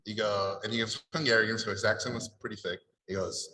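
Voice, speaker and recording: A man's voice: on the low side, fairly quick, few pauses, echoey room, rough recording. A middle-aged man from Mexico, telling stories on a panel and acting out the people in them. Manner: animated, acts out the people in his stories. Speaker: panelist at an art event. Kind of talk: storytelling at a panel Q&A.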